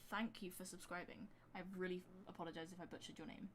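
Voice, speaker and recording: A woman's voice: on the low side, fairly even intonation, quick pace, a bit bright, slight background noise. A woman chatting casually on a live stream while making music, rambling with lots of fillers and reading out chat. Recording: music playing behind the voice.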